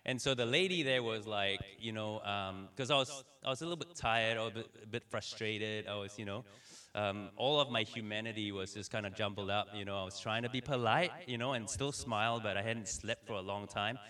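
A male pastor delivering a sermon in an animated, storytelling manner, acting out conversations as he goes. His voice sits a little low yet comes across bright and forceful. The recording catches him from some distance away from the microphone. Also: a little fast, few pauses. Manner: animated, acts out dialogue in stories. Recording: voice somewhat distant from the mic.

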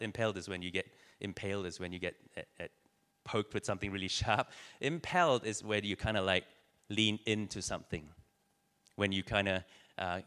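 Bright-voiced man preaching in a hall. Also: on the low side. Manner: storytelling with many fillers and restarts. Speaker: church speaker. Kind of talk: sermon. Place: church hall.

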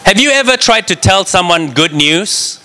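A man with a fairly high voice preaches a sermon at a moderate pace, reading scripture and explaining it. He's animated and keeps turning to the congregation with "right?"

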